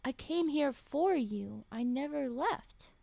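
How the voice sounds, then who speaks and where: A protective woman talks softly and reassuringly to someone she loves, voiced by a woman reading the story. Her voice is high and the sound is close and dry. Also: lively intonation, slow pace, creaky, no room sound, exaggerated voice. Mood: tender. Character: tender, protective woman comforting her partner.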